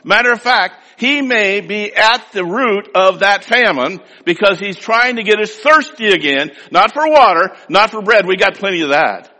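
A man preaching a sermon, emphatic, swinging between loud, drawn-out declaiming and quiet asides. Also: high voice, animated. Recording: long hall reverb.

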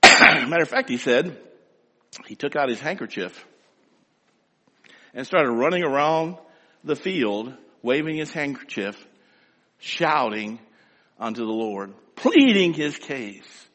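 A man preaching a sermon to a congregation in a large hall, telling stories in a lively way and addressing the listeners directly. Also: mid-range voice, takes it slowly, pauses often. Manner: animated storytelling, acts out loud pleading prayers. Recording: long hall reverb.

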